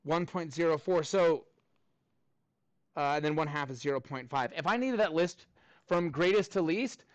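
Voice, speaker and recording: A male math teacher with a notably high voice, recorded dry and close with almost no room sound. He runs his classroom in an upbeat, chatty way, slipping jokey asides in between the lesson steps. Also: moderate pace, pauses often, no room sound.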